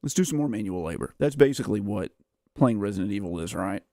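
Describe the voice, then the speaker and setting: A man's voice: fairly low pitch, animated, quick pace, warm tone, dry recording, studio quality. A man hosting a casual gameplay livestream, rambling and self-mocking as he chats, tired and worn out. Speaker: gaming livestream host. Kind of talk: casual live gameplay chat.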